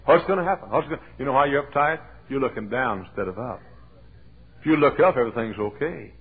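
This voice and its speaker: A middle-aged man from Texas, preaching a folksy, emphatic sermon to his church, swinging from quiet storytelling to loud swells with joking asides. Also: mid-range voice, expressive, a little fast, slightly rough. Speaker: pastor. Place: church sanctuary. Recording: thin, phone-like old sermon tape.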